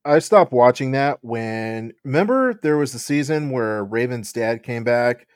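A man co-hosting a casual podcast who offers blunt opinions in a steady, middle-pitched voice. The sound is close and dry. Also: unhurried, clear, resonant tone, dry recording. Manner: frank, opinionated. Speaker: podcast co-host. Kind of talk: casual chat.

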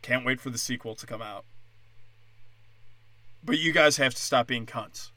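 A man's voice: medium pitch, normal speed, pushed and bright, no echo. A man, a comedian hosting his own podcast, delivering an angry, profane, sarcastic rant as a monologue.

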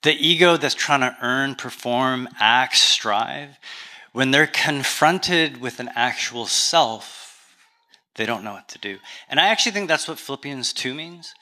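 This male pastor, who has a Canadian accent, delivers his sermon like a laid-back story told over conversation, slipping in some humor. He speaks in a mid-range voice, a touch slowly.

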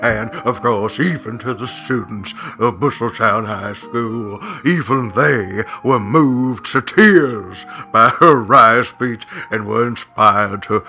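A man voicing a pompous old-timey gentleman who fondly addresses the boys, in an improvised comedy sketch. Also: medium pitch, takes it slowly, creaky, hardly any pauses, soft background music, voice pushed down, heavily acted. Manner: folksy and fond, addresses the boys.

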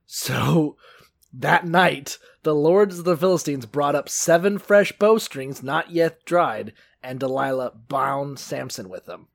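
A man's voice: a little high, expressive, slow pace, gravelly. A man co-hosting a casual podcast, retelling a Bible story with crude jokes and silly put-on character voices. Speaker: podcast co-host.

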